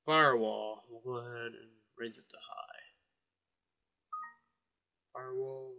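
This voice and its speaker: A man casually demonstrating software while thinking aloud, offhand and a bit puzzled. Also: medium pitch, monotone, normal speed, muffled recording. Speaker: software reviewer. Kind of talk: casual screen-recorded software demo.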